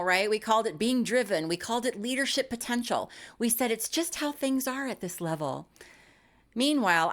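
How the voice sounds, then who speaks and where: A woman's voice: mid-range voice, fairly bright tone. A woman in her fifties giving a scripted comedic monologue as a YouTube creator, wry and self-mocking with dry punchlines.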